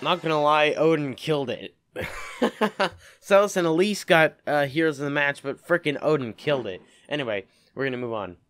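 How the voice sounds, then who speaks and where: A man's voice: on the high side, normal speed, dry recording, clean studio sound, faint music behind. A man giving casual, playful commentary on a video game. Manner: playful, animated. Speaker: let's play commentator.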